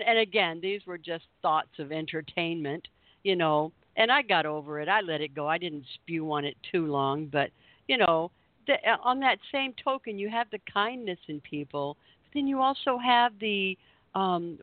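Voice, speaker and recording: Animated woman storyteller on a narrow line. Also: fairly low pitch, normal speed, no room sound. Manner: animated storyteller acting out quotes. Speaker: co-host. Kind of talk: casual radio chat. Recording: phone-like narrow band.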